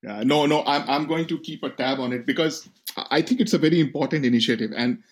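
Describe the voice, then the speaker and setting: A man hosting a podcast, speaking haltingly and often repeating words as he wraps up. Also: fairly high pitch. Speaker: podcast host. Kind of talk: casual interview.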